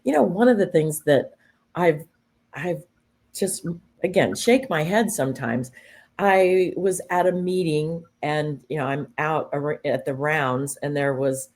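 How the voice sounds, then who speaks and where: Low-voiced woman explaining thoughtfully. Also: unhurried, a little mellow. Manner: thoughtful, explanatory, with fillers and restarts. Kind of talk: conversational discussion.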